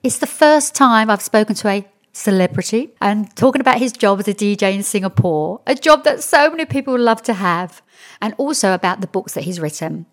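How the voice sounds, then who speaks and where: A woman's voice: medium pitch, animated, brisk. A woman hosting a podcast, recapping guests in an effusive, upbeat manner. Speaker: podcast host. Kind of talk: episode recap narration.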